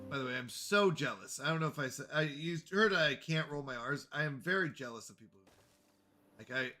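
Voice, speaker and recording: A man's voice: on the high side, a little fast, pushed and bright, soft background music. A man streaming a game, chatting in a friendly, casual way with his viewers. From Canada. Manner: chatty, friendly, talks to chat. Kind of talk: casual chat while playing a game.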